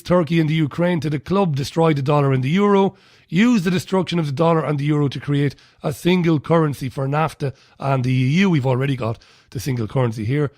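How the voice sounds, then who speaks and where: A man's voice: on the high side, a little mellow, no echo, studio quality. A man with an Irish accent hosting a talk radio show, giving blunt, scornful commentary and reading out listener messages.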